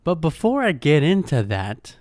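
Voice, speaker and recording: A man's voice: on the high side, wildly swooping pitch, moderate pace, darkish tone, no echo, studio quality. A young man hosting a casual solo podcast, rambling along in a laid-back way, joking, swearing, and calling the listener "dude" and "man.". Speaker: podcast host.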